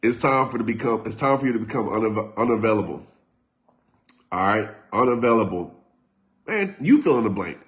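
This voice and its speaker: A man giving a live-streamed motivational talk, preaching emphatically, repeating his points and sometimes shouting. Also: fairly low pitch, expressive, a little fast, pauses often. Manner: talks directly to live viewers. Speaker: motivational speaker.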